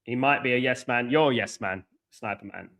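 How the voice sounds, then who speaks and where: Blunt, bright-voiced middle-aged man. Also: medium pitch, a little fast. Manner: blunt, argumentative, reads out and scolds chat viewers. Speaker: host of a live football watchalong stream. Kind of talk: live match reaction and chat banter.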